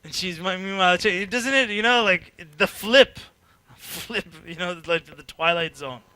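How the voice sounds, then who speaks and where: A man giving an informal teaching talk to a group, animated and chatty, acting out little dialogues and laughing between filler-heavy sentences. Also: high-pitched, measured pace, no echo. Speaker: workshop speaker.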